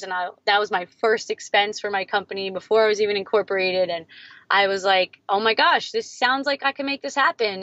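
A woman in her thirties, a guest on an interview podcast, telling her story in a lively way and acting out what others said. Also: no echo, muffled recording. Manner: animated, acts out quotes in a higher voice. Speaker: guest, entrepreneur.

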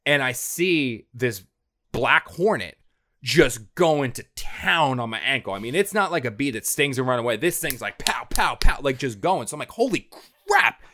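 A man's voice: medium pitch, lively intonation, moderate pace, pushed and bright. A man co-hosting a show, telling a long story in a casual, rambling way with lots of fillers and restarts.

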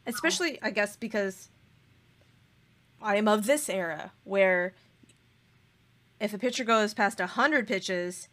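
A woman's voice: medium pitch, unhurried, pauses often, fairly bright tone. A woman co-hosting a podcast in casual chat. She gushes with emphatic, playful exaggeration. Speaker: podcast co-host.

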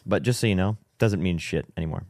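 Young guy cohost with a really low voice, wry, self-mocking. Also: fast talker, darkish tone. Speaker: podcast co-host. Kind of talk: casual chat.

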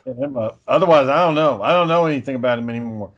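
A man's voice: medium pitch, rapid-fire. A middle-aged man co-hosting a podcast, telling stories in casual, profane chat. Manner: profane, rambling storyteller. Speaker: podcast co-host. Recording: dull lo-fi recording.

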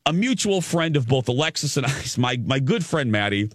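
A man co-hosting a morning radio show, telling a story in an animated, playful way. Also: mid-range voice, a little fast, no echo, clean studio sound. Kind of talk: casual morning show chat.

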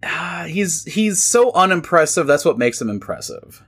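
Young male podcast co-host, animated and playful, loose and casual. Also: on the high side, moderate pace, slightly rough. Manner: animated, joking, swears freely. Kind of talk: casual chat.

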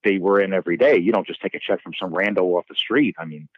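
Fast-talking, profane male bartender. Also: low-pitched, no echo, phone-quality sound. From New York. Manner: animated, profane, many restarts. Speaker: bartender and guest. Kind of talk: casual storytelling.

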